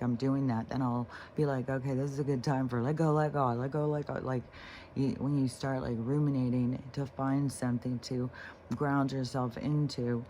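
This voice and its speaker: A woman's voice: extremely low pitch, warm tone, a little hiss or hum. A woman vlogger talking casually and unscripted about healing and letting go. She rambles, swears offhandedly and restarts her sentences often. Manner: slow, unhurried delivery. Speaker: spiritual vlogger.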